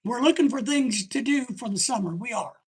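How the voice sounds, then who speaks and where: A woman's voice: fairly high pitch, expressive, brisk, a little mellow, slightly rough. A woman hosting a live stream in casual chat, rambling and chatty as she reads viewer comments aloud.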